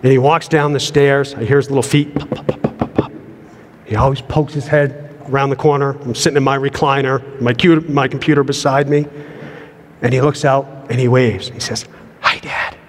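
A man's voice: medium pitch, steady tone, a little fast, slight background noise. A middle-aged man preaching a sermon in an earnest manner, often repeating words as he builds a point, heard in a church sanctuary. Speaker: pastor. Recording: long hall reverb.

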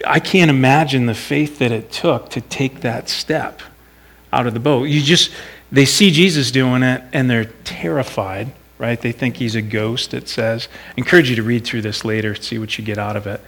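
A middle-aged man talks through a Bible passage in a relaxed, conversational devotional. He sounds reflective, as if thinking aloud, and his voice sits at an ordinary middle pitch. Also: moderate pace.

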